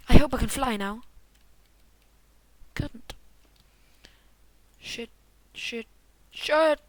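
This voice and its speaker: A woman's voice: a little high, extremely slow, long pauses, no room sound. A woman hosting a gaming video, cursing and repeating herself frantically, often dropping to a mutter. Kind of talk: gameplay commentary.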